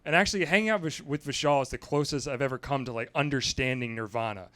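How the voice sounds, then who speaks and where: A man's voice: medium pitch, fast, a bit bright. A man doing roast jokes on a comedy club stage, hesitant and chuckling between lines.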